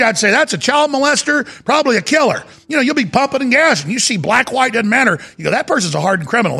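A male talk show host rants in heated, emphatic commentary. His voice sits high and sounds very gravelly. It comes across forceful and husky. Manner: heated, emphatic, repeats himself. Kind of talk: agitated talk radio commentary.

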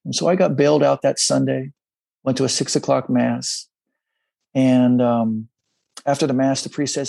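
This is a middle-aged man with a deeply gravelly, husky voice. He speaks in a dry, close sound. He tells his story in a halting, confessional way and briefly takes on the voices of the people in it. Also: steady tone, warm tone, dry recording. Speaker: guest. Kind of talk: candid personal storytelling in a conversation.

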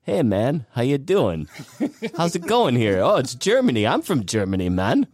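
A man voicing a goofy male tourist who uses a deliberately mismatched accent in a jokey, exaggerated way. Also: medium pitch, huge pitch swings, darkish tone, breathy edge, no echo, pitched above the performer's own voice. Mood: silly.

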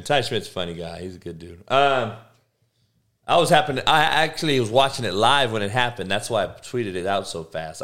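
A man hosting a podcast, ranting casually with heavy swearing, rambling tangents and loud bursts of disbelief. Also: fairly low pitch. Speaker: podcast host. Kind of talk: casual sports podcast rant.

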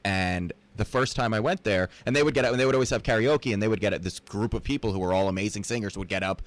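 A man's voice: on the low side, fast talker, dry recording. A man, a stand-up comedian guest, telling a story in a podcast studio and acting out the quotes. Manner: animated, acts out quotes. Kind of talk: casual storytelling. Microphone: studio mic.

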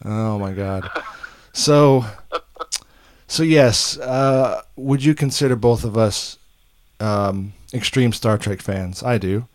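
A man's voice: on the low side, slow, dry recording, studio quality. A man hosting a podcast, talking casually and enthusiastically with a friend, often restarting his sentences. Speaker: podcast host. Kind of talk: casual chat.

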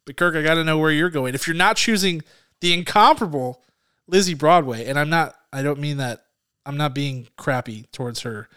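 A young adult man co-hosting a casual movie review podcast, talking in an animated way with quick asides. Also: on the high side, clean tone. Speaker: podcast co-host.

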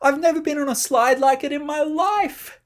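A storyteller voicing a frantic, impatient young boy who yelps his lines in a high, urgent voice. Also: sing-song, slow pace, a little mellow. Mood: delighted. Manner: high, urgent, yelping cries.

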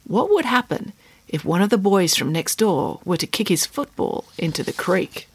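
A woman's voice: fairly low pitch, very animated, moderate pace, breathy edge, exaggerated voice. A woman voicing a playful, imaginative mother telling a tall tale, in a matter-of-fact, mock-serious manner. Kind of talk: storybook reading.

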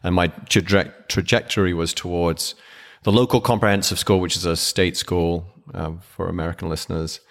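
A middle-aged man from England with a softened English accent, a podcast guest telling his life story in a wry, self-deprecating way. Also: low voice, steady tone, moderate pace, in a large hall. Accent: English, softened by years abroad. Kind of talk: casual interview.

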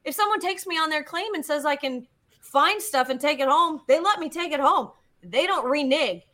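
Brief: woman guest, high bright voice, animated storyteller, salty language. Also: normal speed. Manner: animated, swearing, acts out quotes. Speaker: guest geologist. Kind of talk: casual storytelling.

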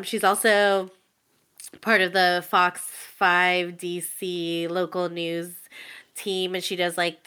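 A young woman co-hosting a podcast, telling an excitable story in casual chat, full of "like" and laughter. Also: fairly low pitch, clean tone. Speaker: podcast co-host.

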